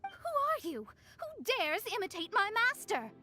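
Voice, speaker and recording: A woman voicing a tiny, excitable, childlike female companion in a video game, high and indignant in tone. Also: measured pace, heavily acted. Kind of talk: game voice acting. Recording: game audio with music behind.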